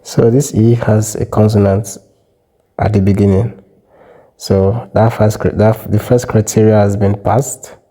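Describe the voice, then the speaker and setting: A man teaching French spelling rules, explaining step by step and repeating example words slowly. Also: fairly low pitch, flat delivery, dark tone, poor audio. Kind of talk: explanatory lesson.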